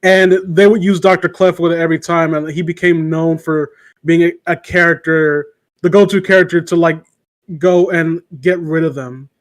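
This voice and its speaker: Animated high-voiced young man. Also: moderate pace. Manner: animated, laughs often. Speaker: podcast co-host. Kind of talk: casual group chat.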